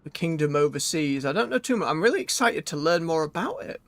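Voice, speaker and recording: A man's voice: a little high, lively intonation, fast talker, fairly bright tone, no room sound. A man chatting casually as he plays a video game on stream, thinking aloud and correcting himself.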